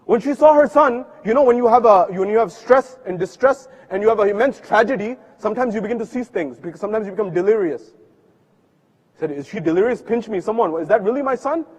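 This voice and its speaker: A male preacher telling a story in a sermon, voicing its people and swinging from loud to hushed. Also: sits high, fast talker. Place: mosque hall. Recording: long hall reverb from a live stream.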